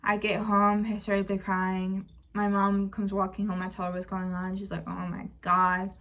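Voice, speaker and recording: A woman's voice: medium pitch, completely flat delivery, moderate pace. A young woman vlogger candidly recounting a painful family story, speaking frankly and emotionally, quoting arguments and swearing now and then. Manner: emotional, frank, retells arguments with "I'm like" quotes and occasional swearing. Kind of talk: candid personal storytelling to camera.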